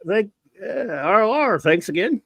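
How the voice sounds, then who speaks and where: A man's voice: high-pitched, big pitch swings, a little slow, a bit bright, no echo. A man co-hosting a casual livestream chat, easygoing and rambling. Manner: easygoing, rambling, trails off mid-thought. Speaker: co-host.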